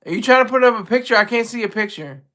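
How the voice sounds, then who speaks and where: Male streamer host, high and bright, animated casual commentary with lots of restarts. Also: fast talker. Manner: animated, repeats and restarts phrases.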